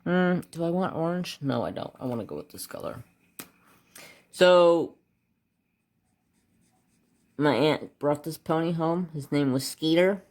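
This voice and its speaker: A man's voice: a little high, measured pace, long pauses. Guy coloring and rambling about growing up, mumbles over his colors then gets all worked up telling the story. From United States. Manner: rambling, animated when telling the story, muttering while picking colors. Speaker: craft channel host. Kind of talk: casual storytelling while coloring.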